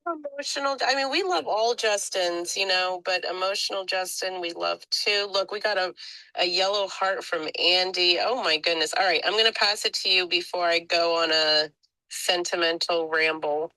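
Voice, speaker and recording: A woman's voice: on the low side, normal speed, dry recording, poor audio. Woman, gushing and chatty, online group call, dry close sound. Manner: gushing, chatty and warm-hearted. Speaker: community member sharing an update.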